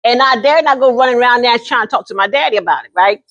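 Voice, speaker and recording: An older woman in her sixties, chatting to camera with a bright, slightly high voice. She tells her story in a lively, folksy way and keeps calling the listener honey. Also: fast talker, dull audio. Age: 60s. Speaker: vlogger.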